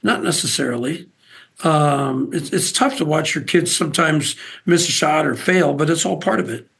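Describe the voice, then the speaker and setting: Guy from nebraska telling stories, kinda high voice w lots of gravel, keeps restarting sentences. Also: moderate pace. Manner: animated, with many restarts and repeated words. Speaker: interview guest, outdoors TV host. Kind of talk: casual storytelling chat.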